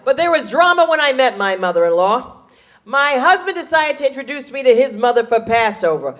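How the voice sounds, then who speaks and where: A woman's voice: sits high, lively intonation, fairly quick, fairly bright tone. Punchy stand-up comedian woman. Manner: punchy storytelling, breaks into character voices.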